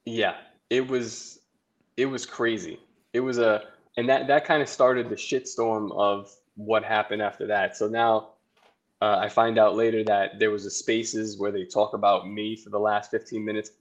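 A man's voice: on the low side, flat delivery, normal speed, muffled recording. A man chatting casually on a podcast, rambling and swearing, often breaking into laughter.

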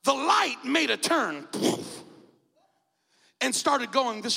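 Brief: male preacher, bright voice with gravelly edges, dramatic storytelling sermon, big reverb. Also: very high-pitched, animated, slow, pauses often. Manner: dramatic, shouts out key phrases. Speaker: bishop preaching. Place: church sanctuary. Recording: long church reverb.

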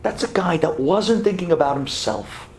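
A man's voice: high voice, animated, moderate pace, a little mellow, echoey room, a little hiss or hum. A man giving a Torah class, telling a story and acting out both sides of the dialogue.

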